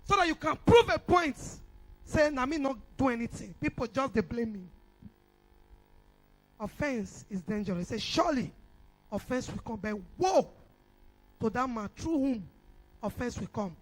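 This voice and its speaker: A Nigerian woman preaching in church, telling a story with animated energy and rising to shouts. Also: a little high, moderate pace, pauses often, rough recording. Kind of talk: sermon testimony.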